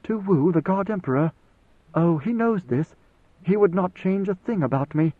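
A man voicing a young woman, a ruler's intended bride, speaking in a soft, measured, composed way. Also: high voice, expressive, no room sound, pitched above the performer's own voice. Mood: tender. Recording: dry, phone-like narrow sound.

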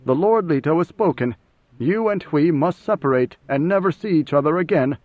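Solemn older steward read by a male narrator, controlled and measured, close dry sound. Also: on the high side, animated, no room sound, phone-quality sound. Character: man, older major domo, grave and controlled.

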